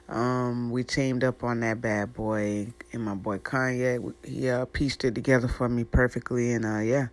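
A woman hosting a casual podcast chat, animated and slangy, laughing often. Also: a bass voice. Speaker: podcast host and musician.

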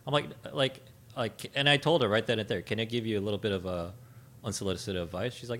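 A man co-hosting a podcast, telling an anecdote in an animated, casual way. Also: fairly low pitch, fast talker, slight background noise. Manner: storytelling, animated, laughs at own jokes. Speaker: podcast co-host. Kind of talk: casual chat.

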